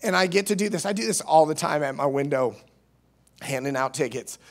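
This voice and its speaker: Guy preaching in church, gravelly, kinda high voice, earnest, trips over words, gets loud then quiet. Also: expressive, fairly quick. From Missouri. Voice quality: nasal at times. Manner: earnest, repeats and restarts words, swings between loud and soft. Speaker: youth minister. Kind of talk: sermon.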